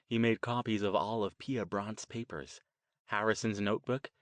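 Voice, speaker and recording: A man reading an audiobook as narrator with steady, even storytelling. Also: fairly low pitch, moderate pace, no echo. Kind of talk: scripted narration.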